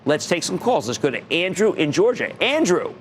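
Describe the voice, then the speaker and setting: An older American man hosting a TV investing show, emphatic and animated, repeating key words and now and then breaking into shouts. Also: a little high, moderate pace, slight background noise. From United States. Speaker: TV stock market show host. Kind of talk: energetic TV investing commentary.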